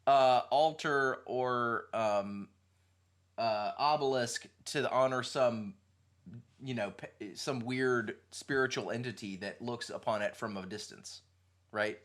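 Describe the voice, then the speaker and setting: A man's voice: mid-range voice, slow, fairly bright tone. A man hosting a casual podcast chat, thinking aloud as he talks, with many restarts. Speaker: podcast host.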